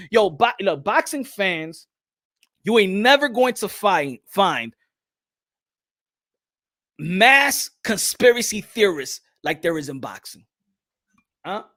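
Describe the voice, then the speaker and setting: A man's voice: high-pitched, unhurried, pauses often, dry recording, clean studio sound. A man hosting a boxing talk show, chatting casually with livestream viewers in loose slang. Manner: animated, laughing, slangy.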